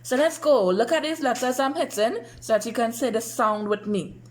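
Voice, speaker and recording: A woman teaching a phonics lesson to young children, sounding out letters slowly and clearly and praising them. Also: fairly high pitch, poor audio.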